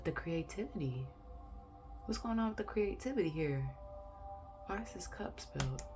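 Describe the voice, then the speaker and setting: A woman's voice: fairly low pitch, lively intonation, normal speed, over music. A woman giving a chatty pick-a-card tarot reading, exclaiming and talking straight to her viewers. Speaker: tarot reader.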